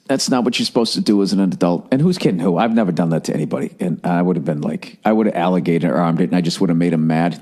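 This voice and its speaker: A man's voice: sits low, a little mellow. A man hosting a podcast, telling a comedic story in a profane, ranting, self-mocking way. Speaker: podcast host.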